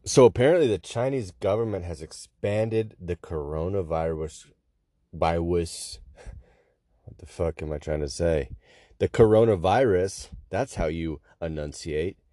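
A man's voice: low voice, warm tone, no echo, studio quality. A man hosting a comedic news monologue in a sarcastic, crude, self-mocking way, sick with a stuffy nose.

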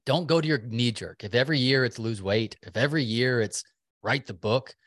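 A man's voice: mid-range voice, a little fast, a bit bright, no echo. Guy on a podcast, chill and encouraging, kinda reflective, mid voice, dry close sound. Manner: chatty, many "like" fillers. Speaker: podcast co-host. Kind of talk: casual podcast chat.

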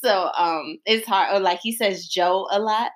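A woman from New York with a New York accent, co-hosting a casual chat and telling stories in a blunt, profane, animated way. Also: medium pitch, measured pace. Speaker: podcast co-host.

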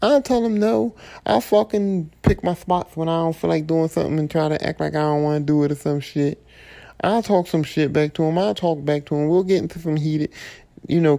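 Male podcast host, gravelly and dark-toned, blunt profane AAVE rant. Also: a little high, fairly quick. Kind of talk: solo podcast monologue.

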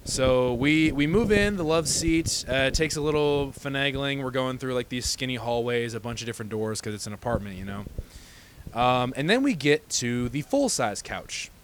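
Young male co-host, mid-pitched everyday voice, rambling storyteller with lots of "uh"s. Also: animated, moderate pace, a little hiss or hum. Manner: rambling, many "uh"s while telling a long story. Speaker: podcast co-host. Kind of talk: casual podcast chat.

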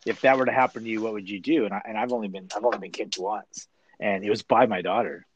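A middle-aged man in casual chat, an animated storyteller who says "dude" a lot. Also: fairly low pitch, fast, husky, no echo, highs cut off. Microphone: video call.

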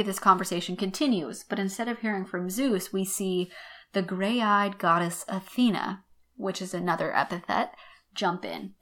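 A woman hosting a podcast lesson, explaining an old text in a wry, chatty way and slowing down to read quotations. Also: medium pitch, fairly bright tone, faint music behind. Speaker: podcast host teaching literature.

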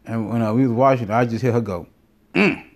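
A man's voice: mid-range voice, fairly even intonation, fast, darkish tone. A man telling a casual, rambling story full of swearing and self-corrections. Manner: rambling, profane, self-interrupting. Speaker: vlogger.

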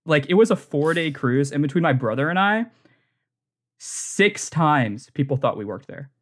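A young adult man telling a rambling, comic story on a podcast, full of "like" and quick laughs. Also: on the high side, expressive. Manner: rambling, laughs often, heavy use of filler "like". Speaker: podcast co-host. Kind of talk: casual comedic storytelling.

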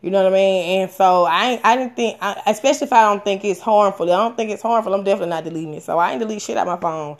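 Racing along with barely a pause, this thirty-something woman recounts something that happened to her, swearing freely and speaking with blunt candor. Fillers and restarts abound, and her voice leaps abruptly in pitch and loudness.

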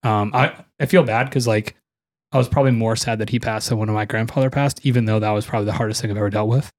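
A man's voice: fairly low pitch, steady tone, quick pace. A man co-hosting a podcast in casual chat, telling loose stories with frequent swearing and laughs. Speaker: podcast co-host.

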